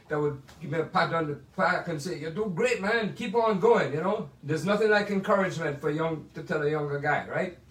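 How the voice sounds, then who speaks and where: An older Jamaican man with a slightly high voice tells stories in a chatty, playful way. He sits back from the mic in his home music room, and the small room rings with echo around his words. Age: 80s. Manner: chatty, playful, drawn-out asides. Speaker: musician sharing memories. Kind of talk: casual storytelling monologue. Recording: echoey room, mic at a distance.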